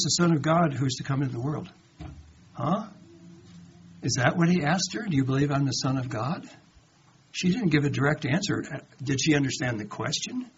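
A man's voice: on the high side, moderate pace, breathy edge. Man teaching scripture on a dull lo-fi recording. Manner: reads verses aloud then comments with rhetorical questions; dramatizes quoted lines in a lively voice. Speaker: Bible teacher. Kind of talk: conversational Bible study sermon. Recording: dull lo-fi recording with faint background noise.

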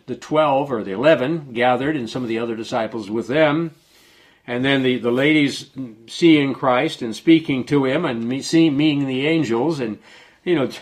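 A man teaching from the Bible in a sermon, reading passages aloud and then explaining them in a plain, conversational way, with frequent restarts and self-corrections. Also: mid-range voice. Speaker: preacher.

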